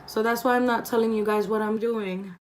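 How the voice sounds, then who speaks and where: Fairly high-pitched and fairly quick, a young woman narrates a profane, animated storytime as she does her makeup at home, performing the quoted voices of the people in the tale.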